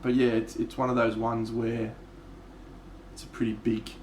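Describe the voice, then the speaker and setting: A man's voice: mid-range voice, monotone, normal speed, darkish tone, a little hiss or hum. A man with an Australian accent, chatting casually and swearing freely while streaming his miniature painting live. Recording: echoey room.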